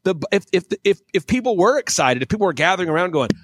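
A man talking as a guest on a talk show. He is emphatic and preachy, and he repeats words when he gets excited. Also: sits high, quick pace, a little hiss or hum. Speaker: guest commentator. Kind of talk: animated talk-show commentary.

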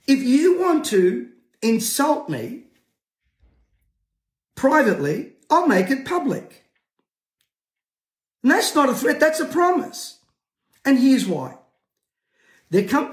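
A man, preaching to camera in a combative, forceful way, rising to shouts and breaking into jovial laughs. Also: extremely high pitch. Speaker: pastor. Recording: roomy echo.

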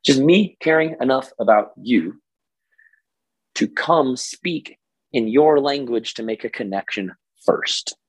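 Hoarse, husky man coaching on a podcast. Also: medium pitch, no echo, rough recording. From Oklahoma. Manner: energetic, stammers on repeated words, jumps into playful voices. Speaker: podcast host and business coach. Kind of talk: casual solo podcast talk.

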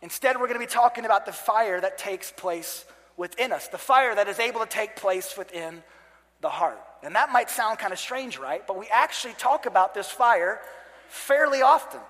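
A pastor in his thirties tells a comic story from the stage, animated and self-mocking, acting out quotes and shouting at the peaks. His voice sits fairly high. A long reverb from the big hall trails each phrase. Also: moderate pace. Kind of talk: storytelling sermon.

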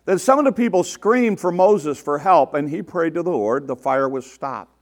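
A man with a high-pitched voice delivers a sermon, reading a scripture passage and pausing to explain it to his listeners. When he voices the complaints in the text, he acts them out with exasperation. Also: animated. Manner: reads scripture aloud and breaks in to explain it. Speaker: pastor.

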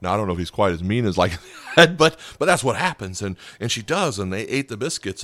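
A man preaching a sermon as a pastor, telling the story with lively acted-out dialogue. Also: lowish voice, fairly quick, dry recording. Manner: animated storytelling, acting out dialogue.

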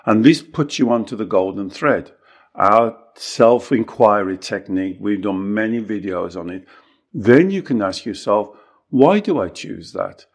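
A man coaching and teaching in conversation, emphatic and lively, who often acts out what clients say. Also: lowish voice, a little slow. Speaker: coach explaining his self-inquiry technique.

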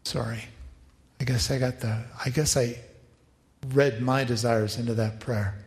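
A man preaching a sermon, animated, acting out quoted voices and making asides to helpers. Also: medium pitch, normal speed. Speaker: pastor. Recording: echoey hall, reverberant.

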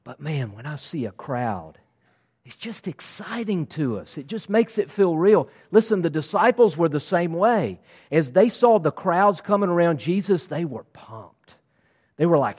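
A man preaching a sermon, lively and conversational, acting out voices of the crowd and disciples in casual asides. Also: a little high, normal speed. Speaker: pastor.

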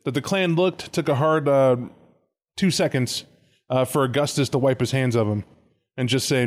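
A man with a mid-pitched voice co-hosts a casual podcast. He talks in loose, rambling stretches full of profanity and quick, animated asides. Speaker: podcast co-host.

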